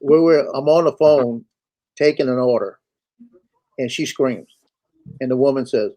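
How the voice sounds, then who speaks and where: A man chats and spins anecdotes in a relaxed, folksy way, lending voices to the people in his stories. His tone is dark and mellow rather than bright. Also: mid-range voice, normal speed, pauses often. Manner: folksy storyteller, acts out quoted voices. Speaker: co-host on a live stream. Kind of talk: casual chat, storytelling.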